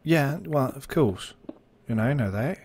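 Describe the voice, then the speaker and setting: A man's voice: mid-range voice, expressive, measured pace, a little mellow, a little hiss or hum. A man chatting casually on a live stream while gaming, rambling and joking as he slips in and out of put-on accents.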